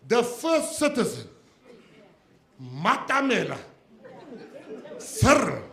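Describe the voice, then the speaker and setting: High-voiced South African man joking slowly. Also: bright, forceful tone. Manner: jokey storytelling, playing to a laughing audience. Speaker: government minister giving a speech. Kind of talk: humorous public speech. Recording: echoey hall with audience laughter.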